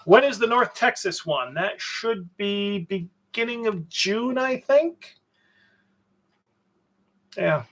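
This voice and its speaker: Male livestream host, gravelly and slightly high, sardonic rambler with lots of fillers. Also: animated, slow, pauses often, fairly bright tone. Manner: sardonic, swears, trails off with fillers. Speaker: publisher hosting a livestream. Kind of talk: rambling livestream chat answering viewers.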